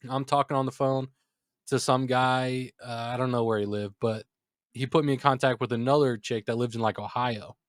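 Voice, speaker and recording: A man's voice: mid-range voice, no room sound, studio quality. A man in his thirties co-hosting a podcast, telling a casual, exasperated story about a delivery gone wrong. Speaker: podcast co-host.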